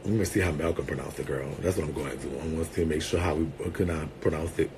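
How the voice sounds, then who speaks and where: A man in a casual vlog who talks to his viewers in a sassy, playful way and laughs often. He calls them girl and sweetheart, and swings between loud bursts and quiet asides. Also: a bass voice, fairly even intonation, fast, background noise. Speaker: vlogger and entertainer.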